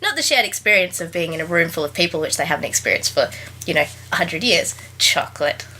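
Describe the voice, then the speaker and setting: A woman's voice: on the low side, expressive, fast talker, bright, forceful tone, slight background noise. A woman guest-hosting a podcast, reading aloud and joking sarcastically, laughing often. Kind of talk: casual comedic book chat.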